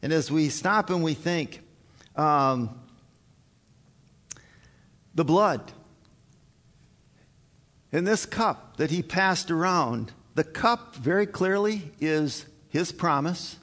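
A man preaching a communion sermon as pastor, slow and earnest, building to emphatic high points. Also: lively intonation, a bit bright, big-room sound. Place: church sanctuary.

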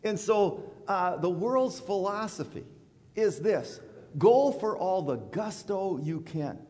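A man preaching a sermon in a church, conversational and animated, acting out quoted voices. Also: sits high, takes it slowly. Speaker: pastor. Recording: church hall reverb.

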